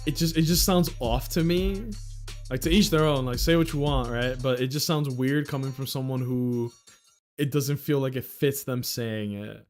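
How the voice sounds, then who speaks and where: A man's voice: medium pitch, normal speed, faint music behind. Candid thirty-something man chatting on stream. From New York. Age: 30s. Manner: candid, rambling, swears casually. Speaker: livestream host. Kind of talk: casual livestream chat.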